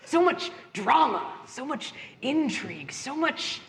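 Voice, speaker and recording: A woman voicing a courtly, ominous man, speaking slowly and quietly with quiet menace. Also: sits high, big pitch swings, vocal fry, full character voice. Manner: slow, hushed and menacing. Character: courtly, ominous man bidding the guests farewell. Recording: echoey convention hall with faint noise.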